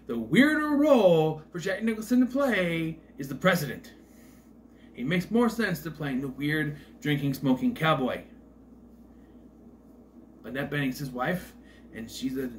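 Animated, rambling male movie reviewer. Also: on the high side, slight background noise. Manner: rambling, hesitant, wry, many asides. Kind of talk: casual rambling movie commentary.

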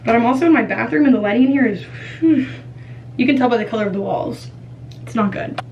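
Young woman vlogger, slightly high voice, excitable and rushed, phone held at arm's length, faint noise behind. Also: lo-fi sound. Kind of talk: casual vlog to camera. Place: in a car, then a small bathroom.

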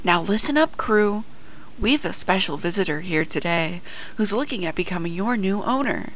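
Woman playing a firm bossy harbor dispatcher guy, lively voice. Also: mid-range voice, moderate pace, slight background noise. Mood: warm. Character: firm male harbor dispatcher, kind but blunt.

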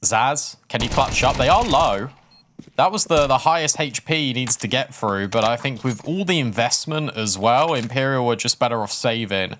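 A man calls esports rounds in a mid-pitched voice, analytical and quick. A faint hiss sits beneath his commentary. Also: lively intonation, fairly bright tone. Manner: quick, analytical, self-deprecating. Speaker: esports caster. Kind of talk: play-by-play commentary.

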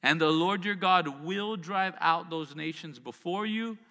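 A pastor delivers a sermon at a measured pace, his fairly high voice bright and forceful. He moves from reading scripture to casual asides laced with rhetorical questions, and his voice trails a long reverb as though in a church hall.

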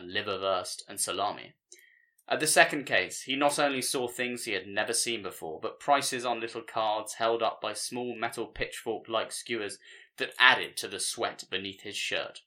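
Male storyteller, crisp bright tone, measured literary read, phrase ends drop soft. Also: medium pitch. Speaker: story reader. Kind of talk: scripted narration of a literary short story.

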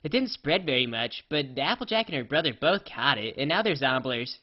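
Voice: medium pitch, sing-song, fairly quick. Someone voicing Rainbow Dash, a rambling dim pony. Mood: offhand rambling. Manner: rambling, offhand, with frequent "uh" and "like". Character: female pony, scatterbrained and cheerfully oblivious. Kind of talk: comedic first-person storytelling. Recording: slightly dull lo-fi recording.

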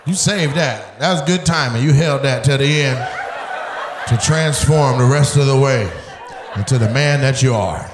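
A man doing stand-up crowd work on a club stage, loudly teasing audience members in a lively comic riff. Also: mid-range voice, moderate pace, background noise. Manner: loud, teasing, animated riffing with audience members. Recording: roomy live club with crowd laughter. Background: loud laughing crowd.

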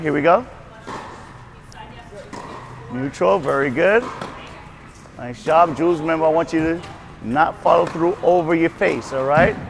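Male tennis coach, high voice, brisk repetitive cues and praise, faint court noise behind. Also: vocal fry. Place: tennis court at a racquet club.

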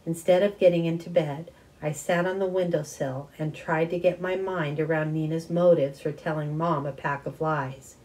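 Woman reading a chapter book out loud, warm low voice, expressive. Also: normal speed, hardly any pauses, poor audio. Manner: expressive first-person narration. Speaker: audiobook reader. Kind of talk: storybook reading.

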